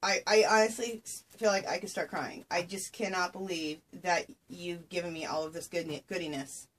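Breathless with delight, a woman unboxes a parcel of craft gifts for her own camera at home. Her voice runs on the low side with a breathy edge, and she keeps a moderate pace.

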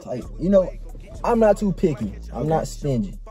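A young man with a very dark, mellow tone and a lively, sing-song pitch. He talks in a swaggering, slangy, playful way, with faint music in the background. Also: normal speed. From Atlanta, Georgia. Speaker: blind date contestant. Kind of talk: casual chat.

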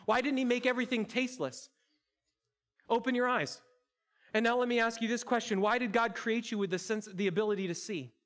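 A high-pitched male pastor delivers his sermon in a church auditorium. He's playful and interactive, talking straight to the people in the seats. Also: fairly even intonation, a little fast, a bit bright. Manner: playful, interactive, addresses congregation directly. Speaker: campus pastor.

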